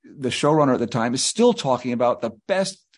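A man's voice: mid-range voice, expressive, a little fast. A male guest author telling rambling anecdotes in an interview, slipping into quoted voices.

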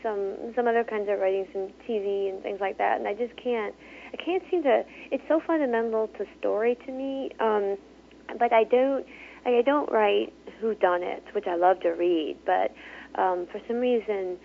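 A woman's voice: medium pitch, moderate pace, gravelly, slight background noise. A woman author talking casually as an interview guest, chatty, with many fillers and frequent laughs. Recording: tinny phone line.

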